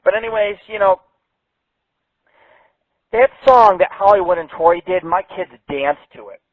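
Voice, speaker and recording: A man's voice: high-pitched, unhurried, no room sound. A man hosting an internet radio show, ranting brashly and swearing a lot. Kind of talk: profane call-in radio rant. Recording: tinny phone-like dry sound.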